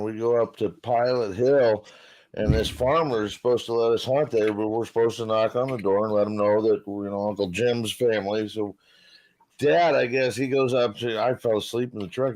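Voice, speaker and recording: A man's voice: lowish voice, a little mellow. A man telling a long, rambling, profane story in casual talk on a live stream panel.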